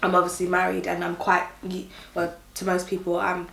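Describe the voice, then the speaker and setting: A woman's voice: lowish voice, monotone, a little fast, gravelly, a bit bright. A young woman in her twenties co-hosting a casual couple vlog, chatty and giggly as she reads out comments. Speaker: vlog co-host. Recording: echoey room with faint noise.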